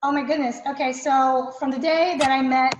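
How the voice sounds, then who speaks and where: Effusive woman realtor for a testimonial, high voice, echoey and slightly dull audio. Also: steady tone, normal speed, background noise. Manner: effusive and enthusiastic. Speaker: real estate agent client. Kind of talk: client testimonial interview.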